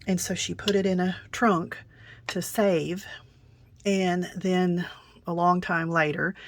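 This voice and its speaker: Middle-aged woman, craft host; rambling, chatty delivery with some gravel in the voice, drifts to soft whispers. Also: lowish voice, no room sound. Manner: chatty, rambling, many fillers and restarts; drops to soft near-whisper while working. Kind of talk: casual crafting tutorial with stories.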